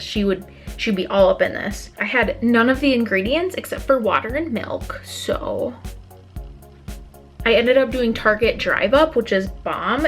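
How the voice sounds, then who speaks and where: A young woman vlogging casually from her home kitchen, chatty and jokey with rambling asides, recorded on a phone. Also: mid-range voice. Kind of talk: casual cooking vlog.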